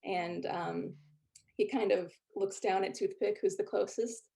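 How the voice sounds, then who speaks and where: A woman narrating a tabletop game as game master, relaxed, with frequent fillers. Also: medium pitch, a little slow, gravelly, a little hiss or hum.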